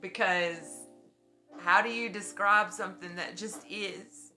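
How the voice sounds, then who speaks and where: A woman's voice: mid-range voice, fairly even intonation, takes it slowly, pushed and bright. A woman in her forties talking in a blunt, profane and effusive way in a casual emotional chat on a stream. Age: 40s. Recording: music playing behind.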